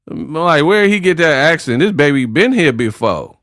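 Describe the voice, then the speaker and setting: Man, live-stream commentator, slow and unhurried, dry close sound, joking slangy banter, laughing. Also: a little high, animated, vocal fry, a bit bright, no room sound.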